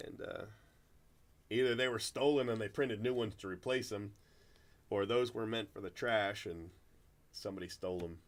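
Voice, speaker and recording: Rambling middle-aged man telling stories. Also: on the low side. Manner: rambling, storytelling with restarts. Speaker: card break host. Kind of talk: casual chat while opening cards.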